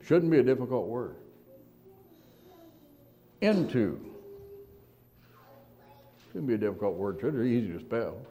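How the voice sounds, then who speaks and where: A man preaching a sermon, asking rhetorical questions and slowing down to stress key words, with quiet asides between louder emphatic points. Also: medium pitch, expressive.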